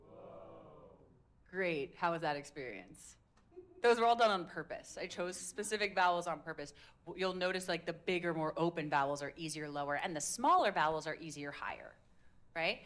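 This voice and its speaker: A woman's voice: fairly low pitch, lively intonation, fairly quick, a bit bright. A woman coaching a live public speaking workshop, talking in an upbeat, casual, demonstrative way into a handheld mic. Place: indoor meetup room with a group. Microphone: handheld microphone.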